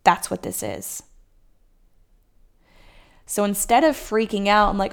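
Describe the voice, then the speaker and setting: A woman coach talks straight to her listeners in a relaxed, reassuring podcast monologue. Her mid-pitched voice keeps slipping into a gravelly vocal fry. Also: slow pace, long pauses. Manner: warm, reassuring, acts out listeners' anxious inner voices. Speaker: fertility coach.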